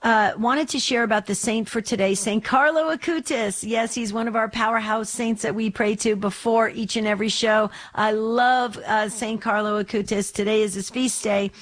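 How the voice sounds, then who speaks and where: A woman's voice: on the high side, fairly even intonation, normal speed, hardly any pauses. Chatty woman hosting faith radio. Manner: chatty, gently probing questions. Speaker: radio call-in host. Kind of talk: religious call-in radio talk.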